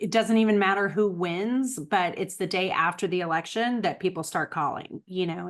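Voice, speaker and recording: A middle-aged woman with a slightly low voice talks through her photography project in a relaxed, chatty way. She fills her sentences with likes and ums, sounding easygoing and talkative. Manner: chatty, many fillers and likes. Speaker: guest photographer presenter. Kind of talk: casual chat. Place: event space studio.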